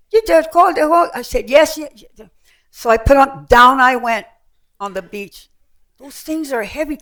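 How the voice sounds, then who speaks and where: An older woman giving an author's talk, telling travel stories with slides and acting out the people she met. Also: a little high. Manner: lively storyteller, acts out voices. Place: heritage center event room with audience.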